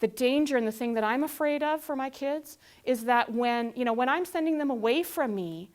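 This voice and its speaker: Lively woman speaker with a high voice. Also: moderate pace. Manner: lively, asks the audience questions, acts out scenes. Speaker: conference speaker. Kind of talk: conversational talk to an audience.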